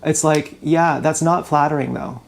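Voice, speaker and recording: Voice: mid-range voice, steady tone, moderate pace, creaky. A YouTuber venting in an emotional vlog, agitated, profane and rambling, fired up and upset, talking into a GoPro camera while streaming live indoors.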